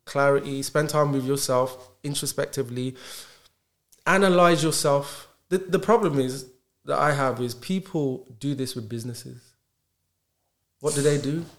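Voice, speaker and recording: A man, a podcast guest talking in animated casual conversation and stacking rhetorical questions. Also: medium pitch, a little slow. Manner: emphatic, rhetorical questions, acts out dialogues.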